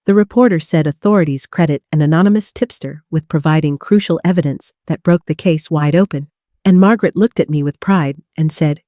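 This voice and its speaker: An older woman tells a first-person story in an even, unbroken flow, joining clause after clause with "and". Her voice sits low and mellow. The sound is close and dry. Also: fairly quick, dry recording. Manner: even, long chains of clauses joined by "and". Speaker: narrator.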